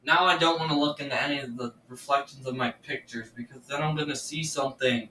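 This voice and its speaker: A gaming YouTuber reacts to videos from a room at home, nervous and stammering as he talks casually and repeats himself. His bright, sharp, mid-pitched voice stays steady, moving quickly with few pauses. He sits a little back from a laptop or earbuds mic, so the sound is roomy and echoey with slight background noise.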